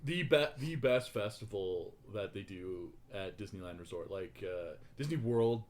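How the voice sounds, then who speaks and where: A man's voice: fairly low pitch, unhurried. A man from Canada co-hosting a casual podcast chat, rambling and hesitant as he adds his thoughts. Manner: rambling, hesitant, with many restarts. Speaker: podcast co-host.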